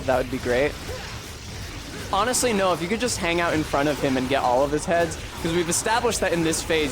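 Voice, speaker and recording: Streamer, casual gameplay commentary, frequent swearing, slightly high voice, loud game soundtrack. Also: male voice. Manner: swears often, frustrated outbursts at the boss. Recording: game music behind the voice.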